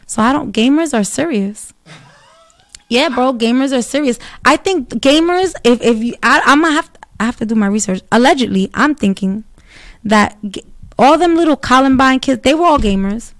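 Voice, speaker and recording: New woman host, 30s, slightly high voice, profane animated rant, dry close sound. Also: normal speed, no room sound. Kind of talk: casual monologue.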